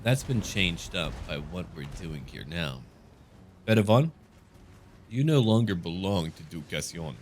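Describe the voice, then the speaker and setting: A man's voice: low voice, animated, unhurried. A man giving gameplay commentary as a gaming channel host, with dry, joking asides.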